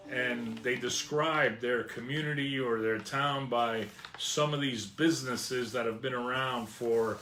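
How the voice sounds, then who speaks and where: A man's voice: mid-range voice, fairly bright tone. Man in his sixties, from New Jersey, casual storytelling, reminiscing, roomy echo, faint noise. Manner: reminiscing, with frequent fillers. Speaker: channel host.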